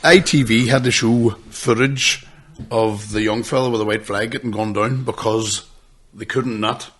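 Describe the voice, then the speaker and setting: A man, co-hosting a podcast, swearing and telling stories excitedly. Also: mid-range voice, normal speed. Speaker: podcast co-host. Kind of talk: casual chat.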